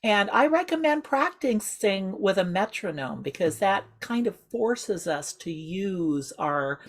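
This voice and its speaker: A woman leading a group voice exercise over a video call, giving patient step-by-step instructions. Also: deep voice. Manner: patient, instructive, speaks in measured rhythm. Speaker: group voice and singing leader. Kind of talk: slow guided voice exercise class.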